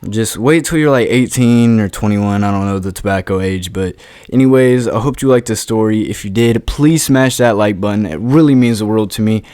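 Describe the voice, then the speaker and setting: A man's voice: fairly low pitch, normal speed, warm tone, clear, resonant tone, no room sound, studio quality. A young man telling a casual storytime monologue in a laid-back way, full of fillers and swearing, often asking "right?".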